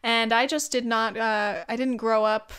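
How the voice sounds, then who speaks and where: A woman's voice: fairly high pitch, steady tone, unhurried, a bit bright, clear, resonant tone. A young woman with a Californian accent rambling and swearing freely in a casual chat, speaking close to the mic. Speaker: vlog host.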